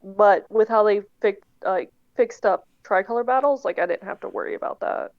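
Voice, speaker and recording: Woman podcast co-host, relaxed, explains at length, dry sound, slightly muffled. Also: mid-range voice, moderate pace, no room sound. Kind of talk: casual chat.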